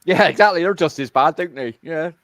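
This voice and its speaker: A man's voice: fairly high pitch, brisk, fairly bright tone, no echo. A man telling rambling stories in casual chat, swearing freely. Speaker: chat participant.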